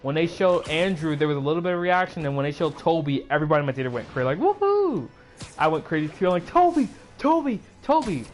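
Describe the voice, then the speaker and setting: A man giving a casual, excitable movie recap on his channel, rambling with lots of fillers and restarts. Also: fairly high pitch, rapid-fire, hardly any pauses, soft background music. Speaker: YouTuber.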